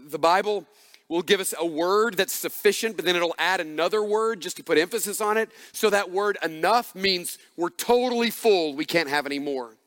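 High-voiced preacher in a reverberant hall. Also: male voice, normal speed, a bit bright. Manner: emphatic, repetitive preaching with rising, punchy refrains. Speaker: pastor. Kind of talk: sermon. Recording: long reverb of a large hall.

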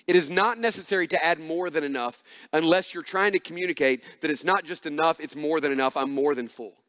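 A man's voice: a little high, a little fast, fairly bright tone. A man preaching a sermon as pastor, emphatic and repetitive, building punchy refrains. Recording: long reverb of a large hall.

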